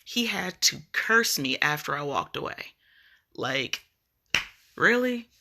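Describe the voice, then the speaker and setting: A woman's voice: deep voice, big pitch swings, slow, sharp tone. A woman vlogger ranting casually on a live video, blunt and profane as she tells her story.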